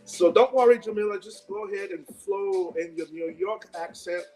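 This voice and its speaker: High-voiced Nigerian man hosting a livestream. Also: normal speed, mellow, soft background music, poor audio. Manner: chatty, laughs often, greets viewers by name. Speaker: livestream host. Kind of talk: casual livestream chat.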